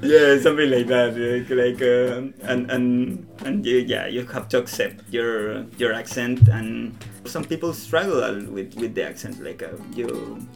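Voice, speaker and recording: A man's voice: mid-range voice, unhurried, vocal fry, hardly any pauses. A young man from Latin America, a native Spanish speaker talking English with a Latin American Spanish accent, chatting as a podcast guest in a hesitant way, often restarting his sentences and acting out little bits of dialogue. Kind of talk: casual conversation. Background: guitar music.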